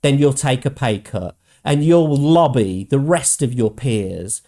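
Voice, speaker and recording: A man's voice: animated, unhurried, dark tone. Angry swearing man ranting. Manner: mocking put-on quotes in a higher voice. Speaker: host. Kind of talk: ranting commentary.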